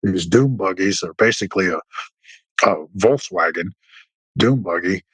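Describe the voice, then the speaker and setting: A man's voice: unhurried, a bit bright, breathy edge, dry recording, low-quality recording. A middle-aged man, a military veteran guest, telling war stories in a rambling, anecdotal way and acting out the dialogue. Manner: rambling anecdotal telling with many restarts and fillers; acts out quoted dialogue with raised pitch. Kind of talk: casual storytelling interview.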